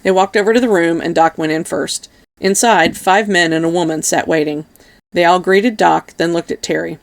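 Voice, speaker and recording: A woman reading an audiobook in a steady, even narration. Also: on the low side, moderate pace, creaky. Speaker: audiobook reader.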